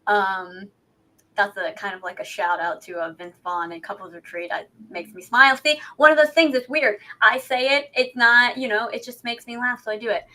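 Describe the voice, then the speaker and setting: A woman's voice: on the high side, moderate pace, pushed and bright. A woman co-hosting a podcast in casual chat, talkative and self-deprecating, posing rhetorical questions. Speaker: podcast co-host.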